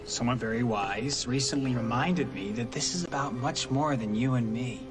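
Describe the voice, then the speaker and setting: An actor playing an absent father who speaks in a measured, earnest way. He is heard in a distant TV clip with music under it. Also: mid-range voice, natural voice. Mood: calm firm. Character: absent father, calm, firm, leaving his son.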